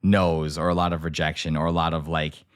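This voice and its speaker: A young podcast host chats casually in an interview, telling animated stories packed with fillers. His voice is a rumbling low and smooth, a little fast, captured in a dry studio recording with no echo.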